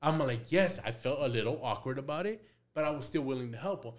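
A man's voice: mid-range voice, animated, quick pace. A young man, a podcast guest, telling a story in casual talk, acting out both sides of the dialogue, swearing freely and dropping in Spanish phrases. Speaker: podcast guest, tattoo artist.

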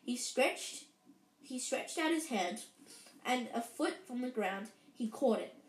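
A woman reading a children's story aloud in a lively way, with frequent slips and restarts. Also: on the high side, slow. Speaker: reader. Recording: roomy echo.

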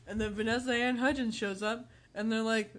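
Young woman co-host, bit high voice, animated casual recap. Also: a little fast. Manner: animated retelling with laughing asides. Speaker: podcast co-host. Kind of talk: casual chat reviewing a movie.

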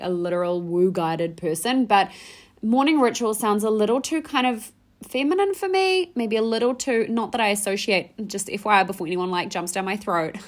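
Hyped young woman podcaster. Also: mid-range voice. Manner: hyped, slangy, swears casually. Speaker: podcast host and mindset coach. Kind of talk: energetic podcast monologue.

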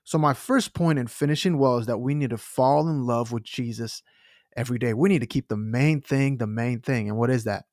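A man's voice: medium pitch, brisk, a little mellow, no room sound. Earnest man preaching, dry close sound. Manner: earnest, emphatic, pace shifts. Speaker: pastor. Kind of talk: sermon-style podcast teaching.

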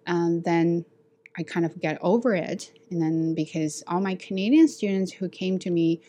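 A woman's voice: on the low side, moderate pace, dark tone, slight background noise. A woman from China with a Chinese accent, talking candidly and energetically on her own podcast, laughing now and then. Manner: candid, outspoken, laughs while telling stories. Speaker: podcast host, ESL teacher. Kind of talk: casual monologue podcast.

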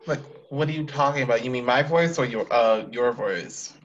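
A man's voice: medium pitch, moderate pace. A teenage male podcast host talking casually, defensive and exasperated, rambling as he explains himself. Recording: dull lo-fi recording.

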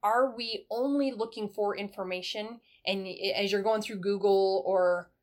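Middle-aged woman, ex-military guest, lively conversational storyteller. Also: mid-range voice, measured pace. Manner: animated storyteller, acts out dialogue in a brighter voice. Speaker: guest, former military first sergeant. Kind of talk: conversational advice in an interview.

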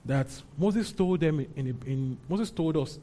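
A man's voice: a little high, takes it slowly, warm tone. A man preaching a sermon as pastor, emphatic and often checking in with his congregation. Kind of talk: sermon teaching and prayer.

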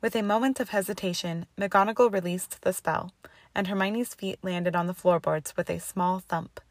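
A woman reading fan fiction aloud in steady storytelling narration. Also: medium pitch, moderate pace, no room sound. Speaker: audiobook reader. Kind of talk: fanfiction read aloud. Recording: dry close recording.

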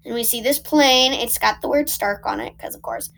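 A woman casually recapping a movie with a co-host, retelling scenes in animated quoted dialogue. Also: on the high side, moderate pace, vocal fry, poor audio. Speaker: podcast co-host.

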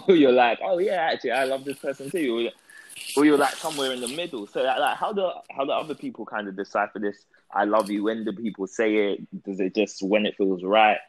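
Low-voiced man asking thoughtful questions. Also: fairly quick, slight background noise, low-quality recording. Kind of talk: casual chat.

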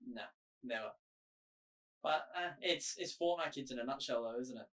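An Australian man with a bright, sharp, forward voice in a casual podcast chat. He teases his co-hosts and swears freely as he talks. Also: medium pitch, moderate pace, poor audio. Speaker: podcast co-host.

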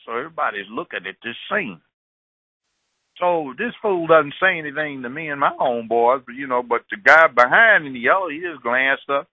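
An older man, a guest on a talk show, telling stories in an animated way and acting out the voices of street characters. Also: mid-range voice, moderate pace, slightly rough, no echo. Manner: animated, acts out street dialogue. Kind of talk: storytelling in conversation. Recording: tinny dry phone line.

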